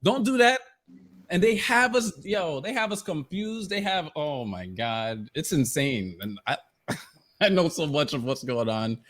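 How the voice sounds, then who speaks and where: A podcast co-host in the middle of a heated rant, peppering his talk with curses. His voice sits a little higher than most men's. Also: lively intonation, measured pace, fairly bright tone. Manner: heated ranting, heavy swearing. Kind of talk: casual podcast chat.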